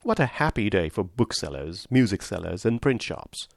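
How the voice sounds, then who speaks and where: A man reading a reserved young gentleman with mild, gently teasing speech. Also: fairly low pitch, very animated, moderate pace, creaky, dry recording, studio quality, heavily acted. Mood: wry.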